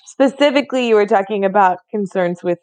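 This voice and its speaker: Thirties woman, podcast co-host, chatty and filler-heavy, dry close sound, mid-pitched. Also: a little fast, darkish tone, dry recording. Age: 30s. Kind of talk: casual chat.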